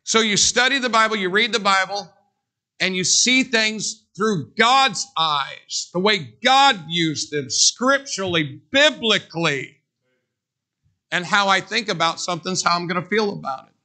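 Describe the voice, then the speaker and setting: A man's voice: high-pitched, animated, unhurried, sharp tone. A man pastor preaching a sermon in a church, emphatic and drilling points with call-and-response. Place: church sanctuary.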